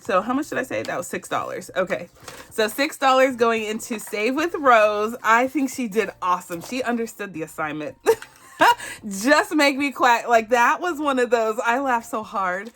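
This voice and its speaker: A woman's voice: a little high, expressive, moderate pace, fairly bright tone. A woman from Barbados hosting a casual savings challenge vlog, chatting and laughing often as she goes. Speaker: budgeting channel host.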